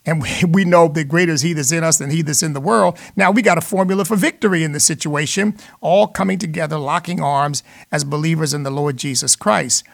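A man's voice: a little high, fairly quick, vocal fry, few pauses. A man hosting a call-in radio show, speaking in a preacherly way that rises to emphatic peaks. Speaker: radio talk show host.

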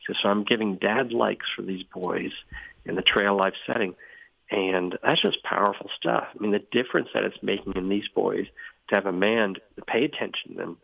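A man's voice: fairly even intonation, normal speed, vocal fry, husky, no room sound, dull audio. A man, a ministry leader, telling earnest stories in an interview and acting out quoted dialogue. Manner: earnest, acts out quoted dialogue with rising pitch. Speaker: CEO of a boys' outdoor ministry, guest.

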